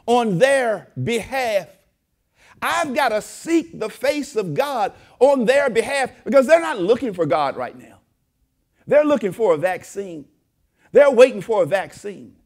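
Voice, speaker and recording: Pastor, male, high lively preaching voice, repetition-heavy sermon delivery. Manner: preaching with rising emphasis and repeated phrases. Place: church.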